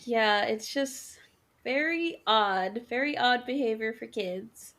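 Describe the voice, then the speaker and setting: A woman's voice: fairly high pitch, takes it slowly, fairly bright tone. A woman co-hosting a podcast, retelling spooky stories in casual chat. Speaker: podcast co-host.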